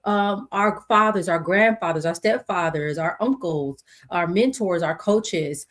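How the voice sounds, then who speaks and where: A woman's voice: fairly low pitch, a little slow, a bit bright. A middle-aged American woman hosting her own podcast, talking casually with many fillers and asides. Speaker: podcast host. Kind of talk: casual solo podcast talk.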